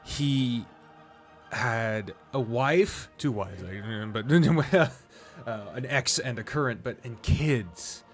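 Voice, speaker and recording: A man's voice: medium pitch, drawn-out words, faint music behind. Rambling, foul-mouthed male streamer. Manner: rambling, swears freely, jumps between topics. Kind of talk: casual live-stream commentary while gaming.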